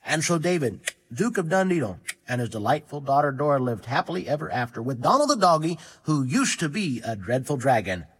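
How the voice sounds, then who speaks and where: A man's voice: fairly high pitch, big pitch swings, brisk, husky. A man reading a children's story aloud with a playful, tongue-twisting delivery.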